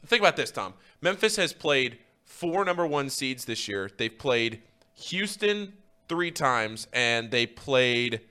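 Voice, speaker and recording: A man co-hosting a sports talk show, giving quick, opinionated analysis. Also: mid-range voice, pushed and bright, clean tone.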